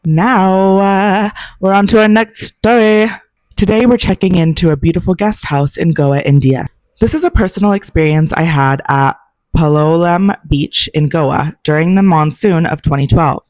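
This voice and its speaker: A woman's voice: on the low side, normal speed, darkish tone, dry recording. A woman hosting a podcast, reading listener ghost stories aloud and adding chatty, wry comments of her own. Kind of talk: narrating ghost stories with casual asides.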